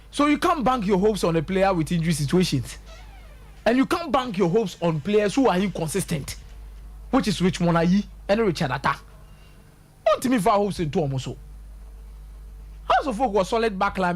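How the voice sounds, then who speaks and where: A man's voice: sits high, sing-song, fairly quick. A man with a Ghanaian accent, giving passionate sports analysis on a radio talk show and mixing local slang into his English. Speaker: sports pundit.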